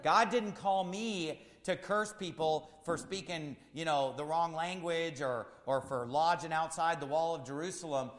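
A male pastor preaching an impassioned sermon, swinging between loud shouts and quiet, low asides. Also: unhurried, few pauses. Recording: long hall reverb.

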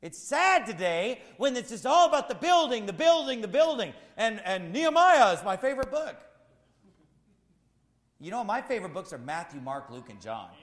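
Male pastor, high voice, fiery sermon delivery, long church reverb. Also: sing-song, moderate pace. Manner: impassioned preaching, rising to shouts.

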